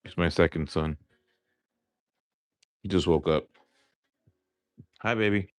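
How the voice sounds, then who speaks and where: A man in his thirties with a light New York accent chats loosely with his viewers on a casual live stream, circling back, repeating words and leaning on fillers. His voice sits very low and comes slowly, sounding close and dry in a dry recording.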